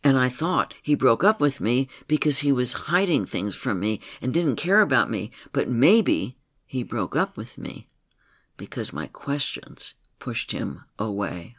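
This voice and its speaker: A man's voice: medium pitch, expressive, measured pace, fairly bright tone. A man voicing an anxious, demanding woman in therapy, insistent and challenging in tone, in a story he reads aloud. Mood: reflective.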